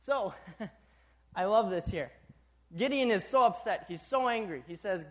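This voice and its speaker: High-voiced young preacher, animated. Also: male voice, a little slow, slight background noise. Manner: animated, chuckles often, checks in with 'all right?'. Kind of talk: sermon.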